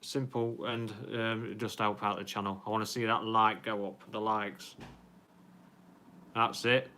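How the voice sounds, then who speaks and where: Bright, smooth-voiced man streaming live. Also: on the low side, little pitch movement, unhurried. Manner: rambling, full of ums and restarts. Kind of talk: casual live stream chat, reading viewer comments.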